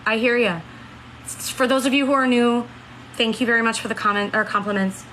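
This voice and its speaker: A woman's voice: fairly high pitch, steady tone, fairly quick, a bit bright, slight background noise, low-quality recording. A woman in her late thirties chatting earnestly on a live stream, reading out and answering viewer comments. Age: 30s. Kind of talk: casual live-stream chat.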